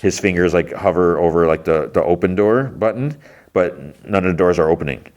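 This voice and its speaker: Man, podcast host, very low pitch, casual recap, rambling, filler-heavy. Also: brisk, darkish tone. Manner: rambling, full of fillers and restarts.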